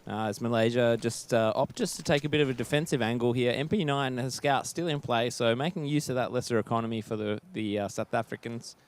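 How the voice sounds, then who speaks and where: Man calling esports play-by-play. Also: medium pitch. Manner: steady, measured calls with frequent fillers. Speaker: esports caster. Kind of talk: play-by-play commentary.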